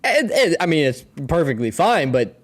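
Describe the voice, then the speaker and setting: A twenty-five-year-old man co-hosting a comedy podcast, joking and quick to laugh. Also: a little high, sing-song. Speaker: podcast co-host. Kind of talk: casual comedic chat.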